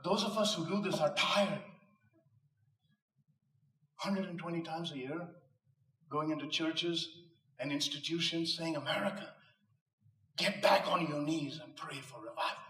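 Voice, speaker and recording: Male inspirational speaker, a bit high-voiced, emphatic and rhetorical, recorded off mic in a roomy hall. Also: measured pace, pauses often, sharp tone, recorded from a distance. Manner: emphatic, rhetorical, with punchline jokes. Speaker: motivational speaker. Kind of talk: inspirational speech to a live audience. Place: live venue before an audience. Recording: echoey room, voice off mic.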